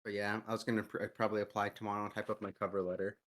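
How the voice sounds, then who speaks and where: Easygoing man with a lowish voice. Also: flat delivery, racing, fairly bright tone. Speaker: player. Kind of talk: casual chat.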